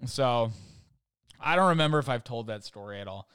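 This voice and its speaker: A man's voice: mid-range voice, animated, quick pace, sharp tone, smooth, no echo, studio quality. A man telling a funny story in a casual, rambling way, full of fillers and restarts.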